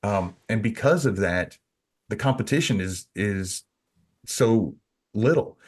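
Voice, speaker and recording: Brief: male podcast co-host, lowish voice, loose rambling delivery. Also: lively intonation, slow pace. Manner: rambling, many restarts and "you know". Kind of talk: casual podcast chat.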